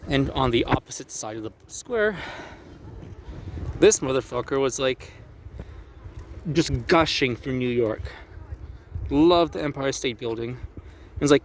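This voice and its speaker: A young man talks his way through a city walking tour, swearing casually and cracking jokes. He drops into mocking put-on voices whenever he quotes historical figures. His voice sits at a middling pitch, and faint street traffic hums behind him outdoors. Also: expressive, normal speed, pauses often. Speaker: tour guide vlogger.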